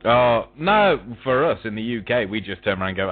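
A British man calling in to a talk show, joking crudely in a deadpan way. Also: mid-range voice, a little fast. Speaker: caller. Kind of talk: casual call-in chat. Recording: phone-line audio.

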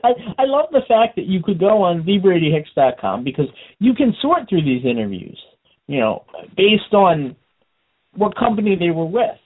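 A man hosting a wrestling radio talk show, energetic and quick to laugh. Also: high-pitched. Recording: phone-like radio audio.

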